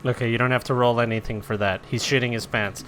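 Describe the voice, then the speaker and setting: A man's voice: mid-range voice, steady tone, fast talker, fairly bright tone, slight background noise. A man running a tabletop game as game master, setting scenes in a casual, loose way.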